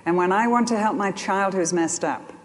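An older woman preaching a sermon, telling stories in an animated way that swings between loud and soft. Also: medium pitch, moderate pace. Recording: long hall reverb.

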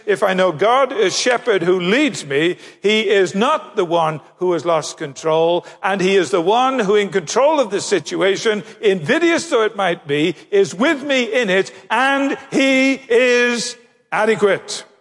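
A man preaching a sermon, slowing down and stressing key phrases as he builds his points. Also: high voice, a bit bright, long reverb tail.

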